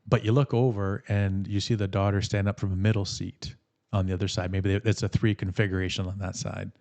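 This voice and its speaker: Middle-aged male podcast co-host, low and gravelly, casual, spins hypotheticals. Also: little pitch movement, a little fast. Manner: poses hypotheticals, trails off softly mid-thought. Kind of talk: casual chat.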